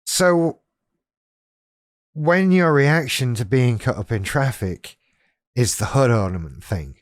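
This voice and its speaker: A man speaks slowly and deliberately, addressing the viewer directly as host of his own channel. His tone is wry and self-deprecating. The sound is close and dry, with no room echo. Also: medium pitch, animated. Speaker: YouTube channel host on living with BPD. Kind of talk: casual direct-to-camera talk.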